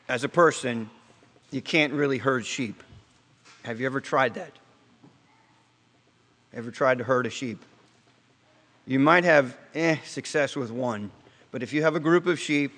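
A man preaching a sermon in a conversational, storytelling way, asking the congregation questions and slowing down to stress key points, with frequent restarts. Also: medium pitch, fairly bright tone. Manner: halting restarts, slows for emphasis. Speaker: pastor. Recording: long hall reverb.

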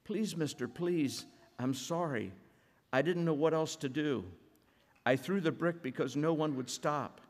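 A man voicing a tearful young boy who pleads for help, speaking softly and a little higher than his own voice, in an echoey hall. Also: unhurried. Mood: tearful pleading.

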